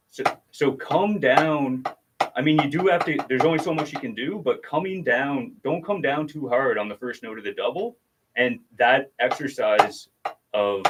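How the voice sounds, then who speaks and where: A male drum teacher talks through technique in a relaxed, patient way, counting strokes aloud. His voice sits at an everyday middle pitch. Steady noise and stick clicks run under the stream. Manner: patient, casual explaining with counted demonstrations. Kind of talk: livestream drum lesson.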